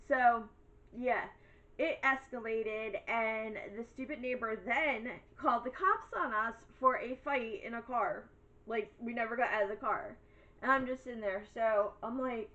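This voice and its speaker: A woman's voice: a little high, normal speed, a bit bright, muffled recording. A woman vlogger telling a story in a blunt, sarcastic, exasperated rant, rambling through asides. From Italian heritage.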